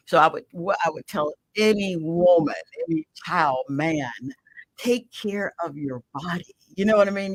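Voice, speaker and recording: A middle-aged woman from Mississippi telling her personal story as a guest, impassioned, swinging from loud emphatic bursts to hushed whispers. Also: lowish voice, no echo, rough recording. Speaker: guest, radio show host. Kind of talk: emotional personal testimony.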